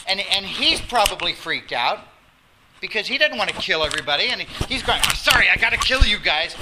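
A man preaching a sermon as pastor, animated, acting out quotes and dropping to a soft voice for emphasis. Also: high-pitched. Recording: noisy sermon recording.

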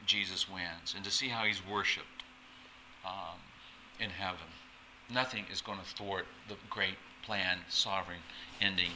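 A man's voice: sits low, sharp tone, slight background noise, rough recording. A man preaching a conversational sermon as a pastor, often stumbling over and repeating words with chatty asides.

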